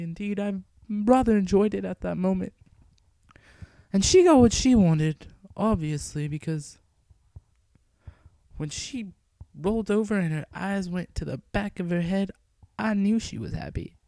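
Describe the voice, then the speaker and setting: A young woman telling an improvised crude comic story from her bedroom. She swings between soft mutters and loud squeals. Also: medium pitch, lively intonation, unhurried, no room sound. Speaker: comedian.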